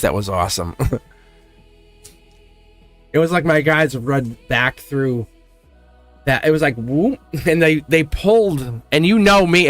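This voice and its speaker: A man's voice: medium pitch, fairly bright tone, no echo. A middle-aged man hosting a live tarot stream in casual chat, rambling, laughing often and saying "like" constantly. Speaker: tarot reader and livestream host.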